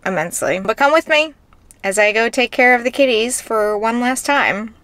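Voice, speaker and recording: A woman's voice: fairly high pitch, animated, normal speed, fairly bright tone, dry recording. Chatty woman vlogging casually. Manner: chatty and rambling, with frequent "like" fillers. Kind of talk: casual vlog chat to camera.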